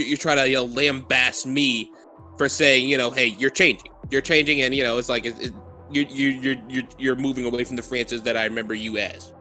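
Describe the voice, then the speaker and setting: A man in voice chat with a bright, sharp-edged voice. He stumbles and restarts often while he argues his point. Faint game music sits behind him. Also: medium pitch. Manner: halting, repeats himself, teasing. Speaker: friend in voice chat. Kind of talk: casual voice-chat argument.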